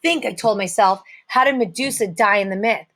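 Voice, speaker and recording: A woman reads a novel aloud, narrating in the first person with a steady storytelling voice. Her pitch sits in the middle range for a woman. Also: a little fast. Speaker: audiobook reader.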